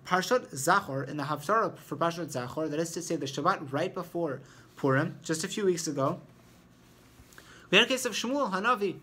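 A man's voice: a little high, pushed and bright. A man teaching an informal Torah lesson who explains step by step and thinks aloud as he talks.

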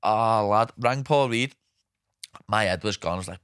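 Lively young Liverpool man telling stories. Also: fairly low pitch, brisk, clean tone, no room sound, clean studio sound. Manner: animated anecdotes, swears freely, acts out quotes. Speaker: podcast host. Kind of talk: casual storytelling chat.

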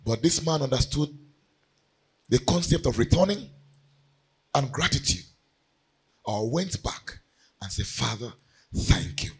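A man preaching a sermon, swinging from loud cries to hushed lines. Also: medium pitch, animated, unhurried, long pauses, husky, rough recording.

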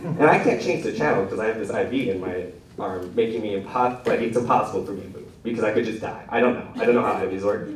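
A man's voice: lowish voice, fast, slight background noise. A young man telling a rambling, self-deprecating stand-up story at an open mic, often laughing at his own jokes. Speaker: stand-up comedian. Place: small room at an open mic. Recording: echoey room from a distant mic.

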